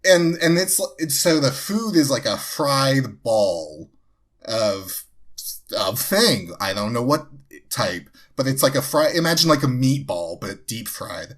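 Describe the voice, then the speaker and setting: A man's voice: mid-range voice, lively intonation, takes it slowly. A young man from New Jersey, a podcast co-host, telling a story casually, with many fillers and restarts. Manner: rambling, full of fillers and restarts.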